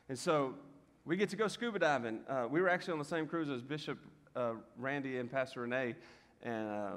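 A man preaching a humorous sermon to a church audience, telling funny stories in a joking, animated way. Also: fairly high pitch. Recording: hall reverb.

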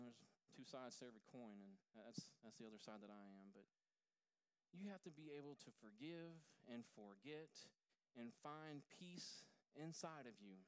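A pastor preaches a casual sermon in church, joking and speaking straight to his congregation. His voice is mid-range with a clean tone and a moderate pace.

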